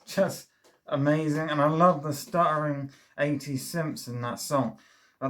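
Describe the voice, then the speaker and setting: A man reviewing a vinyl record in a casual monologue, enthusiastic and rambling, full of fillers and restarts. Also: mid-range voice.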